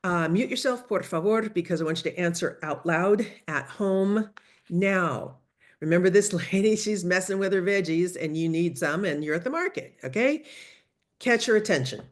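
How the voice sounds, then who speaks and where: A woman teaching a lively online language lesson, coaching students through phrases over a video call. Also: fairly low pitch, moderate pace. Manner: lively, coaching, switches between English and Spanish phrases. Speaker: Spanish teacher.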